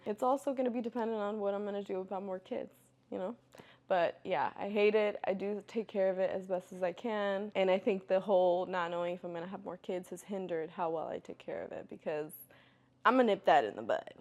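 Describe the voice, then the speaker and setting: A young woman chatting candidly as she answers viewer questions, filling her talk with "like" and "you know" and getting loud and lively when she tells a story. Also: mid-range voice, brisk. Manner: gets loud and animated when telling stories. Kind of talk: casual Q&A chat.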